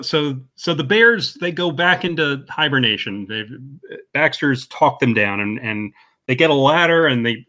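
Bright-voiced playful man recapping a movie. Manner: playful, jokey, acts out quotes in high voices. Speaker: podcast co-host. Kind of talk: casual movie recap chat.

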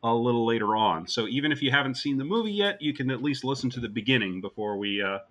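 A man's voice: medium pitch, expressive, fast talker, fairly bright tone. A man with a New Jersey accent co-hosting a comedy podcast, easygoing and a bit hesitant. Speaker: podcast co-host. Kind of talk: casual chat.

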